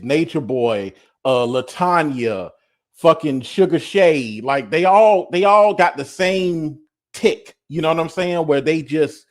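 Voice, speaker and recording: Co-host, male, slightly high-pitched, loose rambling gossip delivery. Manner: loose, rambling, lots of fillers and restarts. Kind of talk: casual gossip chat.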